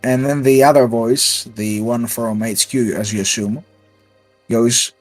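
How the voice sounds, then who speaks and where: Slow-talking man running a tabletop game. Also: mid-range voice, fairly even intonation, dry recording, soft background music. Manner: descriptive, with fillers and asides. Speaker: game master.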